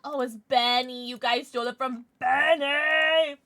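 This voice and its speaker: A young woman streaming live, chatting casually with her chat, thanking viewers and squealing with excitement. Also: high voice, a little slow.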